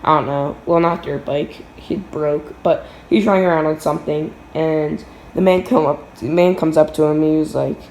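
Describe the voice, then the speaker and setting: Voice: medium pitch, steady tone, normal speed, few pauses, a little mellow, reverberant, slight background noise, low-quality recording. A teenager telling a casual storytime vlog from a home basement, rambling with lots of fillers and restarts.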